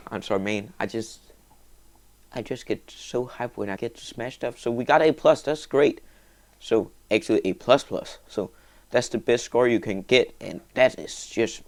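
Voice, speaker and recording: At a normal speed, a gaming video host rambles through casual let's-play commentary on a game. He's excitable and keeps breaking into sudden high yelps and whoops.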